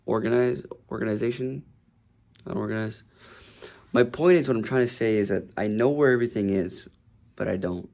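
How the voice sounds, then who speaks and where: A man's voice: lowish voice, vocal fry, darkish tone. A man who works as a real estate agent giving a casual, rambling tour of his office, talking loosely with many fillers. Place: office indoors.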